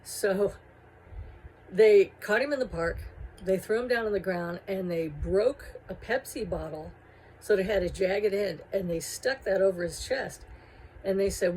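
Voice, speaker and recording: A woman telling a personal story in a casual, animated way, with amused laughing asides. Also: mid-range voice, measured pace, a little hiss or hum, rough recording.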